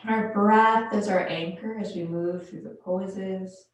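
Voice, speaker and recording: A woman teaching a virtual yoga class, giving slow, calm guided cues with pauses between phrases. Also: medium pitch. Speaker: yoga instructor. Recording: very echoey room, mic far off.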